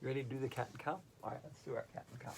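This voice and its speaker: A woman's voice: extremely low pitch, fairly even intonation, rapid-fire, creaky, very noisy. A woman teaching a playful yoga routine, giggling often between her cues. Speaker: yoga instructor. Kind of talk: playful guided yoga class.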